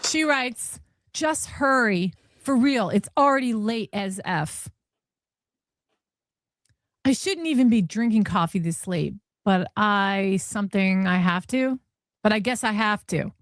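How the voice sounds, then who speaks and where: With clean, echo-free studio sound, a woman commentary host reads text messages aloud slowly in a medium-pitched voice with lively intonation. She reacts to them with disbelief and laughter.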